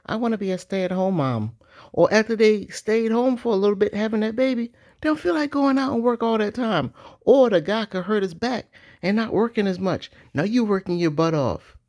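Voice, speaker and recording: A man giving casual, animated commentary with slang, often jumping into mocking voices. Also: normal speed. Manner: animated, slangy, jumps into high-pitched mock voices. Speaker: vlogger.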